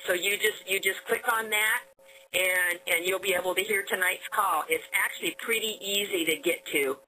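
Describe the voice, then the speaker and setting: Woman, phone-call host, bright and eager, faint line noise. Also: mid-range voice, fairly even intonation, moderate pace. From Oregon, USA. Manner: chatty and enthusiastic, with frequent restarts. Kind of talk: hosting a recorded conference call. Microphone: telephone.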